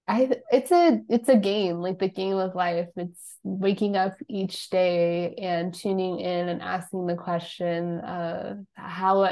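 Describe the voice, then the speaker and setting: A woman in middle age talks casually as a podcast guest. She is relaxed and chatty, often slipping in little fillers. Her voice has a noticeable gravelly vocal fry. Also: lowish voice, takes it slowly, hardly any pauses. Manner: relaxed, chatty, laughs often, uses "like" a lot. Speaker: podcast guest, spiritual coach. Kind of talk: casual interview chat.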